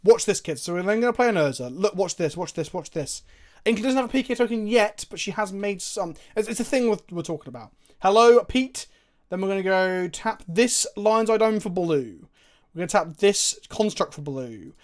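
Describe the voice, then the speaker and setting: An excitable man talks through his card game on a live stream. He thinks out loud and swears freely. He speaks into a desk microphone. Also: high-pitched, normal speed. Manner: excitable, profane, thinking aloud.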